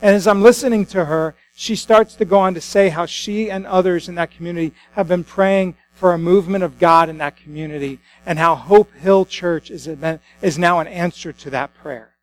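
A man's voice: high-pitched, moderate pace, hardly any pauses, poor audio. A man, a pastor, preaching a sermon in a conversational storytelling way with frequent restarts.

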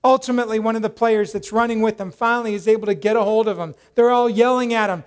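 A man with a high voice delivers a sermon as an animated storyteller. He acts out quoted voices loudly, then sinks to a quiet, prayerful tone. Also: fast talker, hardly any pauses. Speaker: pastor.

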